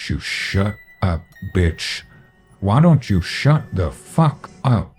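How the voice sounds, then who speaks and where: A man voicing a violent rural father who speaks slowly and calmly with a menacing edge. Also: sits low, breathy edge, faint music behind. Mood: furious. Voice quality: slow, calm, menacing.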